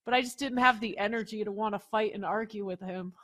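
A woman's voice: medium pitch, fast talker, fairly bright tone. A woman co-hosting a sports betting show, chatting casually and telling a story with frequent laughs. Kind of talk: casual chat.

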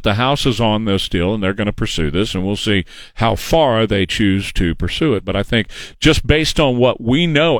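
A man's voice: medium pitch, dry recording. Opinionated male talk radio host. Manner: opinionated, emphatic, mocking. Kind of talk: political talk radio monologue.

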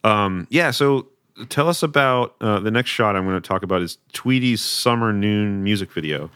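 A man hosting a casual interview, eager and quick to agree, with many fillers. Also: fairly low pitch, lively intonation, a bit bright, clear, resonant tone, no echo, clean studio sound. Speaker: podcast host.

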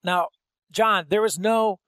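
A man's voice: high-pitched, fairly even intonation, slow pace, fairly bright tone, dry recording. A man hosting an interview, engaged and affirming, telling his own stories between questions. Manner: engaged, frequent affirmations, storytelling. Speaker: interview host. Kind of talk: conversational interview.

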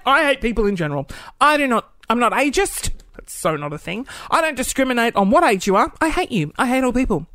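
Animated man telling a comic story. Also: sits high, dry recording. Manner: animated, self-mocking, acts out quoted voices. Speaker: video creator telling a story. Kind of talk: casual comedic storytelling. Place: at home, cooking.

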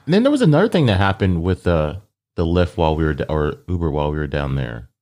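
A man's voice: deep voice, big pitch swings, fast talker, a little mellow. A man chatting casually with friends, laid-back, laughing easily and chiming in. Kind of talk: casual chat.

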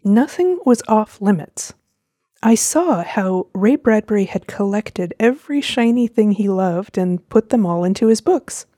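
A woman reading a storybook aloud with a slow, gentle, expressive delivery. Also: medium pitch, no room sound, clean studio sound.

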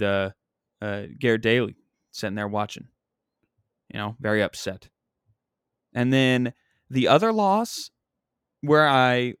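A young male comedian with a medium-pitched, clear, resonant voice, recorded dry on a close mic with no echo. He launches into a casual sports rant that's rambling, exasperated, and self-deprecating.

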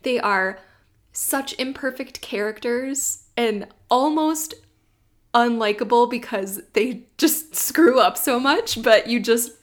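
A woman's voice: a little high, takes it slowly. A woman co-hosting a podcast in casual, chatty talk who laughs easily. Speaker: podcast co-host. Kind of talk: casual chat.

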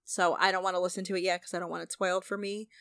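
A woman's voice: lowish voice, little pitch movement, rapid-fire, fairly bright tone, dry recording. Sarcastic chatty woman podcaster. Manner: chatty, profane, sarcastic asides. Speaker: podcast co-host recapping a reality show. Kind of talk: casual chat.

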